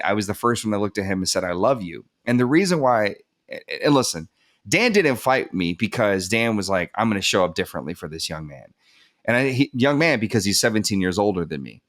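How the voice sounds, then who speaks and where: A man's voice: on the low side, fairly quick. Man telling a vivid personal story. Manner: animated, acts out quoted dialogue, laughs at himself; goes soft and subdued when telling the emotional part. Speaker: podcast guest. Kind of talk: candid storytelling in a podcast interview.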